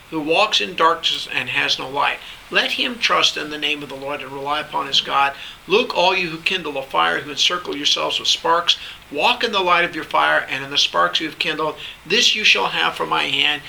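A man's voice: fairly high pitch, gravelly, bright, forceful tone, a little hiss or hum, low-quality recording. A man teaching a Bible class, reading scripture aloud and then explaining it in loose asides, often checking in with the class. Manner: checks in with the class by asking "all right?".

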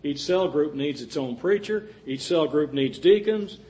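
A man's voice: fairly high pitch, animated, unhurried, dark tone. A male preacher giving an earnest sermon, with folksy jokes and asides to the congregation.

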